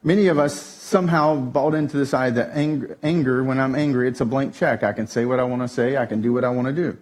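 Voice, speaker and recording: A man preaching a sermon, telling a family story with lively shifts up into a tense, excited delivery. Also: fast. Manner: animated storytelling, voice jumps high when telling the tense part. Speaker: pastor. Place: church stage.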